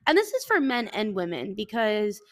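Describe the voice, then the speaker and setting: A woman's voice: mid-range voice, big pitch swings, moderate pace. A young adult woman hosting a casual solo podcast, rambling and self-deprecating, swearing offhandedly as she chats. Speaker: podcast host. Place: living in a hot city.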